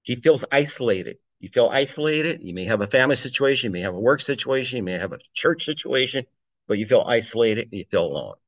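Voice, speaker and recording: A man's voice: medium pitch, lively intonation, fast, dry recording, lo-fi sound. A man giving a conversational sermon, reading scripture aloud and chuckling between points. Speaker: preacher. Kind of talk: informal sermon on a psalm.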